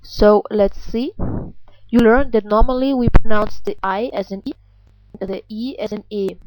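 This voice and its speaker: A woman's voice: a little high, a little slow, darkish tone, poor audio. A native German woman with a German accent, patiently explaining pronunciation step by step and asking the learner questions. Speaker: language teacher. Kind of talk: instructional explanation.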